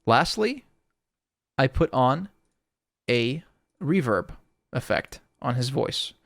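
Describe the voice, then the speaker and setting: A man's voice: mid-range voice, sing-song, takes it slowly, vocal fry, a bit bright, no room sound. A man giving a casual audio tutorial, explaining in a laid-back way with lots of "sort of", close to a studio microphone. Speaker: music producer explaining sound design.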